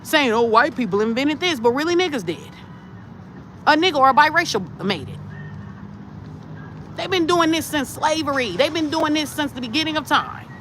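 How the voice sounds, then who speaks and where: A woman's voice: high-pitched, normal speed, long pauses. A woman, a tarot channel host giving blunt, profane commentary in a casual rant. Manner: blunt, profane and animated, talking straight at the camera. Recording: noisy, with traffic sounds outside.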